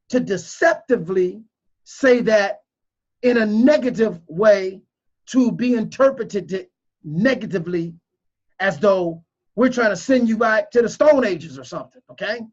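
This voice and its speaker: A man's voice: high voice, highs cut off. A man giving emotional, preachy video commentary, repeating his points with strong emphasis. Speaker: crypto commentator.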